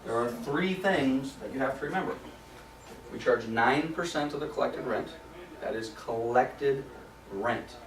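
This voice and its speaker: A man's voice: mid-range voice, moderate pace, distant mic. A man presenting a property management training class in a casual, conversational way, often checking in with "okay?". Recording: roomy sound from off mic.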